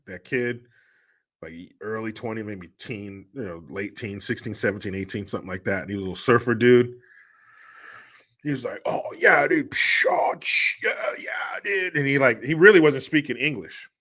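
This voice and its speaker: Telling crude, joking family stories on his livestream, the host laughs a lot as he goes. He has a mid-range voice and talks a little fast.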